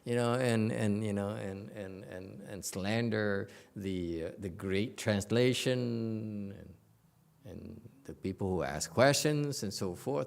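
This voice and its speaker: A man's voice: lowish voice, a little slow, creaky. A man giving a Buddhist dharma lecture in a meditation hall, blunt and teasing, with many fillers and restarts. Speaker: Buddhist master.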